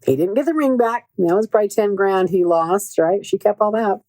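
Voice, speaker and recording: A woman's voice: medium pitch, lively intonation, normal speed, few pauses, dark tone, no echo. A middle-aged woman hosting a show, telling stories in a casual, earnest way and repeating words for emphasis. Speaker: podcast host and relationship coach. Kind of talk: casual storytelling monologue.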